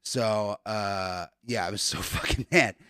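A man's voice: fairly low pitch, a little slow, bright, forceful tone, clear, resonant tone, no echo, clean studio sound. A man, a guest comedian, chatting casually on a podcast, laughing often and rambling through a story with lots of fillers.

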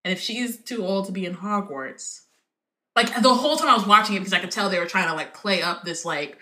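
A woman's voice: mid-range voice, brisk, sharp tone. A woman co-hosting a podcast in casual chat, talky, saying "like" a lot, with casual swearing. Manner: chatty, says "like" often, swears casually. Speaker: podcast co-host. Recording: roomy echo.

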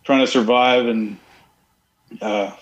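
A man's voice: medium pitch, fairly even intonation, slow, lo-fi sound. A man in a band talking casually in an interview, rambling and swearing freely. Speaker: band member.

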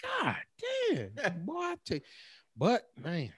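Animated man joking with profanity. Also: high voice, slow. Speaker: podcast co-host. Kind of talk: casual chat.

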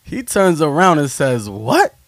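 A man spins a story in casual talk, his voice sitting a little high. He laughs and swears as he goes and jumps up in pitch when he quotes people. The sound is dry and close. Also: animated, brisk, dry recording. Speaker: podcast host telling a story.

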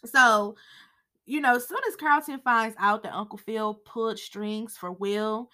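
Young woman doing a sassy tv recap, bright sharp voice, lots of slang and attitude. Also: a little high, moderate pace. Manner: sassy, slangy, animated storytelling. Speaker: podcast host recapping a TV series. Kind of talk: casual recap and review.

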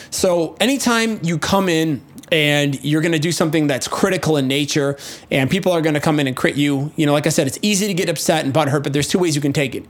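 Blunt, profane man, slightly higher voice. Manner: blunt, profane, acts out quoted rants. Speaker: music producer and show host. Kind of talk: casual talk to camera.

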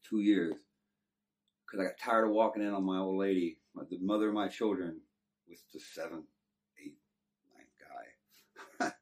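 A man's voice: sits low, fairly even intonation, normal speed, long pauses. A middle-aged man from Texas with a Texan accent, telling his life story in a laid-back, rambling way. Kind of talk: casual storytelling. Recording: distant from the mic.

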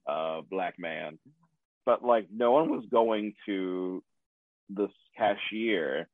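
Low-voiced and recorded dry, this man sounds like he's on a tinny phone line. Chatting casually, he shares something from his own life, swearing liberally, laughing a lot, and running himself down with humor.

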